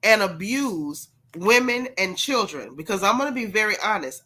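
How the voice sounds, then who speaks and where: A woman hosts a gossip livestream while sick, and her nose sounds stuffed up. Her voice has a bright, forward edge at an ordinary pitch. She talks straight to her viewers and hammers home each point by saying it again. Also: expressive, normal speed, few pauses, slightly rough. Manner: emphatic, repeats her points for stress. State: congested, sick voice. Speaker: gossip channel host. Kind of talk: livestream commentary.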